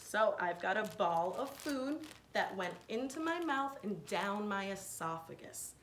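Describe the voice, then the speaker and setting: A woman's voice: medium pitch, lively intonation, a little slow, slight background noise. Woman teaching kids in an echoey room. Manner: clear, patient step-by-step explaining. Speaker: science teacher. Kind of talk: kids' science lesson.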